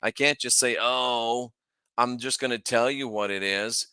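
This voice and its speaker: A man's voice: medium pitch, a little slow, pushed and bright, clean tone, no echo, studio quality. A man hosting his own channel, teaching from the Bible in a casual, emphatic way, asking rhetorical questions and thinking aloud as he shares his screen. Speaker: host.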